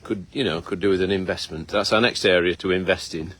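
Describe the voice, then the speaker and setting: A man's voice: deep voice, fairly even intonation, fast, a bit bright. A middle-aged man, hosting a casual live walkabout outdoors on his farm, chatty and teasing with lots of fillers, filmed on a phone. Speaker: farmer and host. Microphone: phone camera held by someone nearby.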